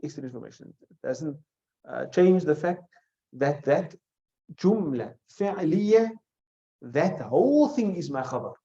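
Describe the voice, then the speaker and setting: A man teaching an Arabic grammar class, explaining step by step, quizzing his students with questions and reciting short Arabic phrases quickly. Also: on the high side, lively intonation, dark tone. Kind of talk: classroom lesson. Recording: echoey room, dull lo-fi sound.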